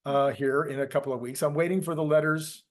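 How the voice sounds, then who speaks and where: A man's voice: on the high side, steady tone, fairly quick. An older man hosting a casual opinion chat, speaking emphatically and repeating phrases. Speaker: host.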